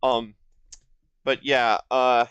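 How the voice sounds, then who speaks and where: Slow, smooth-voiced young man rambling. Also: mid-range voice, flat delivery, fairly bright tone, no echo, highs cut off. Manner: rambling, halting, many fillers and restarts. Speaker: gaming video host. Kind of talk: casual let's-play commentary.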